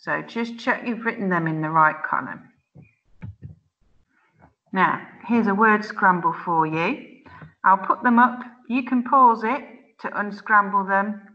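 A woman teaching children an online French lesson, saying words slowly and clearly for them to repeat, chatty and laughing at her own slips. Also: medium pitch, bright, forceful tone, dull audio. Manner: slow, clear drilling of words for repetition; chatty and self-mocking, exclaims at slips. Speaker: primary school teacher.

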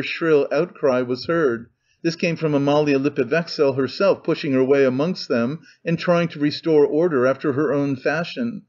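A man reading an audiobook in measured, deliberate narration. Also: a little high, a little mellow. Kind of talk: scripted narration. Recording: dull lo-fi recording.

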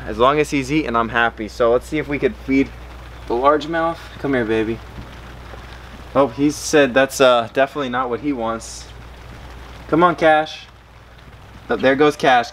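A man filming a casual fishing vlog outdoors by a pond, chatty and excitable, hurting from a cut on his hand. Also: slight background noise. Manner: excitable, talks to his fish in a high baby voice. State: in pain from a cut. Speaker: fishing vlogger.

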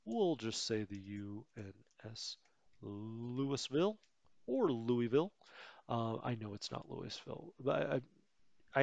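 A man's voice: on the low side, creaky, no echo. A man giving casual, rambling commentary over a strategy game he plays, often correcting himself and chatting in asides. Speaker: let's play host.

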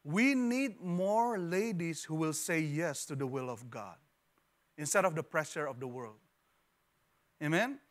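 A man preaching a sermon as pastor in a church, animated, repeating words and joking with the congregation. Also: fairly high pitch, unhurried. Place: church hall.

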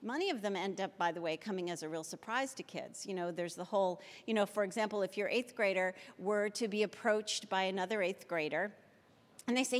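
A woman giving a keynote talk on public health, speaking emphatically, slowing down to stress key phrases and dropping dry sarcastic asides. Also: mid-range voice. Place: city hall auditorium. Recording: long reverb of an auditorium.

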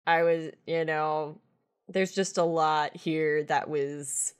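A woman with a low voice talks easily as a podcast guest. She explains as she goes and often restarts her sentences. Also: fairly even intonation, takes it slowly, smooth. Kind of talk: casual chat.

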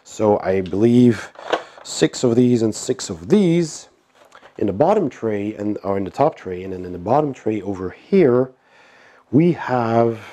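A man's fairly low voice, nasal from a cold, comes through with slight background noise as he unboxes a board game. He keeps things casual and relaxed, chuckling and leaning on fillers.

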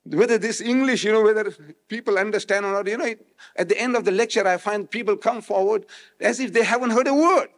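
A man from South Africa giving a public religious lecture, switching between loud rhetorical questions and quiet explanation. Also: high voice, fast. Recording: echoey hall, old remastered recording.

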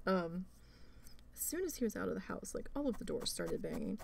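A woman's voice: mid-range voice, lively intonation, brisk, creaky, noisy background. A woman vlogger chatting casually while she needle felts, rambling and venting with free swearing. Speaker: crafting vlogger.

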